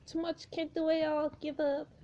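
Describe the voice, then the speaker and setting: A woman's voice: high-pitched, level tone, normal speed, warm tone, highs cut off, voice pushed up, natural voice. Woman voicing a panicking young man. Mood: panicked.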